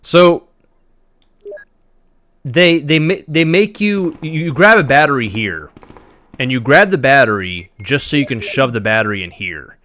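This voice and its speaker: A man streaming a game live, giving animated, mocking commentary with laughs. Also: mid-range voice, measured pace, pauses often, dry recording.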